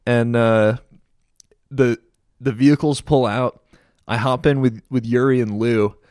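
Animated laughing man telling a war story. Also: medium pitch, measured pace, dry recording, studio quality. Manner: animated, laughing often, says dude a lot. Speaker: guest, former soldier. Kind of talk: casual storytelling chat.

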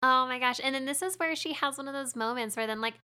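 A woman's voice: sits high, quick pace, sharp tone, clean tone. A young woman talking casually about a movie, chatty, laughing often and acting out lines.

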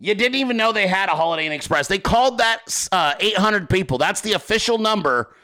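A man's voice: sits high, expressive, a little fast, sharp tone. A man hosting a political commentary show, ranting in a crude, sarcastic way with constant swearing and frequent asides to his listeners. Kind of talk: profane unscripted rant.

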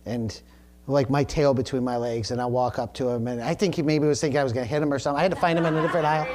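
A man's voice: mid-range voice, fairly even intonation, very fast, a crowd in the background. A male pastor preaching a sermon, telling a personal story in a candid, self-deprecating way. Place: church service.

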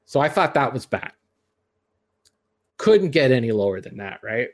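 A man's voice: mid-range voice, sing-song, moderate pace. A man hosting a podcast, chatting casually and giving his blunt, rambling opinions. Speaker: podcast host. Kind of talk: casual chat.

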